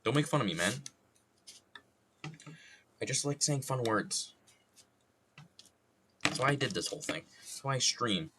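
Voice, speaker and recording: A man's voice: mid-range voice, lively intonation, measured pace, pauses often, background noise. A young adult man streaming casually while wood carving, joking, rambling and swearing freely at his own expense.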